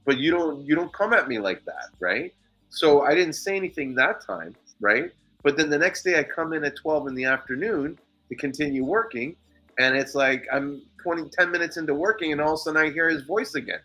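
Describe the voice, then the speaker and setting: A man's voice: on the high side, lively intonation, brisk, sharp tone, poor audio. A man hosting a casual chat show who tells a heated, profane story. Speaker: podcast host.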